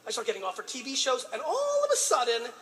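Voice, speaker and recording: A man's voice: extremely high pitch, huge pitch swings, fast talker, a bit bright. A man giving a motivational speech, pleading and ranting with heavy profanity and emphatic repetition. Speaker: motivational speaker. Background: background music.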